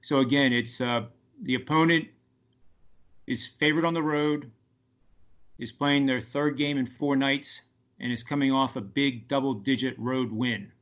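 This is casual radio talk from a man appearing as a guest sports betting analyst on a podcast. His mid-range voice is steady and a bit bright, and he speaks haltingly, with many fillers and false starts.

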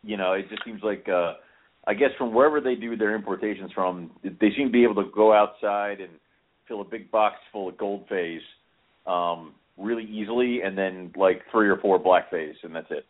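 Through tinny, phone-like audio, a man with a fairly low voice co-hosts a podcast at a moderate pace. He rambles in casual chat, self-deprecating and swearing casually.

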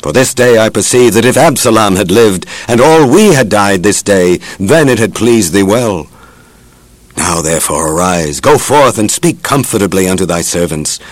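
Reader voicing a stern, rebuking old-world commander, low-voiced, solemn scripture reading, dry close sound. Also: male voice, animated, moderate pace, no echo, close to an everyday voice, rough recording. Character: stern male army commander.

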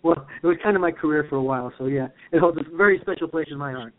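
A man in his fifties, from the USA, chats playfully as a co-host and laughs easily. His voice sits a bit high for a man, and it comes through a tinny phone line. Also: fast. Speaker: co-host, actor. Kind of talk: casual chat.

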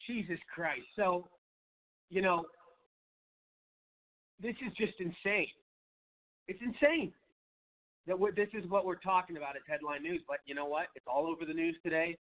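A man's voice: high-pitched, moderate pace, long pauses. A man hosting a political talk show, indignant and hesitant, with many fillers. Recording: tinny phone-like line.

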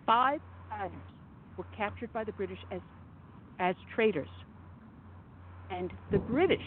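A woman's voice: mid-range voice, unhurried, long pauses. A woman hosting a conservative talk radio show, delivering an impassioned, emphatic monologue with sarcastic asides. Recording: phone-like narrow audio with faint noise.

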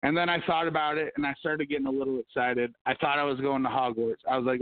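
A man's voice: mid-range voice, fairly even intonation, quick pace, few pauses. A man hosting a casual podcast, rambling and swearing constantly as he tells stories. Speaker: podcast host. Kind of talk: casual profane chat. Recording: tinny phone-like audio.

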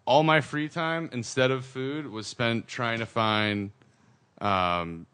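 A man's voice: mid-range voice, slow, smooth. A man in casual podcast chat who tells his stories with real energy. He slips into the voices of the people he met and keeps the talk moving and loose. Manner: animated storyteller, acts out quoted voices. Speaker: podcast co-host.

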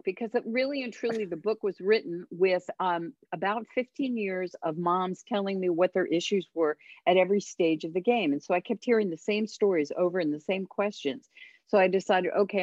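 A woman parenting coach and author, a radio interview guest, speaking emphatically and giving tips with dramatic pauses. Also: medium pitch, darkish tone, no echo, muffled recording.

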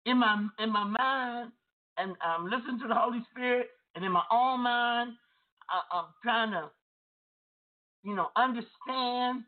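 A woman's voice: on the high side, a little slow. A woman telling a deliverance testimony in a conversational way, often turning to the listeners directly. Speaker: deliverance minister. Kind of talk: testimony sermon. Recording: tinny phone-like audio.

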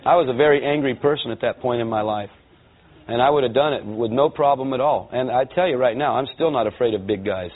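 A man from Los Angeles giving a lively personal testimony to a church audience, acting out the voices in his story. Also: mid-range voice, fast talker. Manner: lively storyteller who acts out voices and quotes. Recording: tinny, narrow-band sound.

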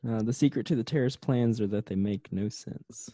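Laid back guy on a podcast, real dark mellow voice, dry mic, chuckles a lot. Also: fairly low pitch, fairly quick, no echo. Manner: laid-back, chuckling, going through notes. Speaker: podcast co-host. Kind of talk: casual chat reviewing a TV episode.

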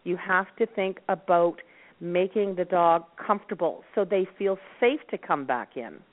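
A woman from Nova Scotia who founded a dog rescue network, calmly giving advice as a guest on a radio talk show. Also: fairly low pitch, moderate pace. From Nova Scotia, Canada. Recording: tinny phone line.

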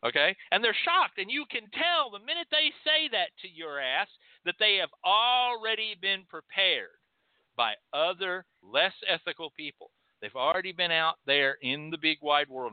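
A man with a Texan accent hosting a show, talking bluntly and sometimes profanely, acting out pleading clients in a higher voice. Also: moderate pace, dry recording. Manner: animated, acts out pleading clients in a high voice. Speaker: host. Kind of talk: spoken teaching monologue. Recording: dry, tinny phone-like sound.

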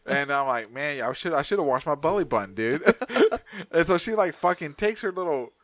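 This man's voice sits a little high and moves at a moderate pace. Co-hosting a podcast, he spins a profane, casual anecdote and animatedly mimics the characters in it.

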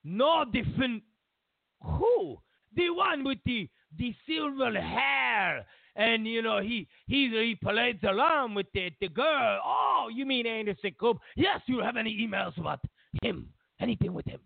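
A man playing a pushy, crude male Russian leader in a mock Russian accent, speaking broken English in a high, strained voice over a tinny phone-like line. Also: big pitch swings, moderate pace, creaky, dry recording, exaggerated voice. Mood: eager.

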